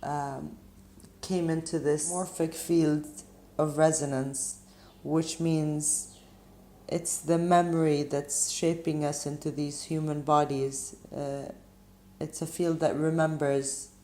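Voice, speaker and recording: Slow, soft-spoken woman musing aloud. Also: low-pitched, flat delivery, echoey room. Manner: gentle, musing, pauses with ums. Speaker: tarot reader. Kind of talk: spiritual reading monologue.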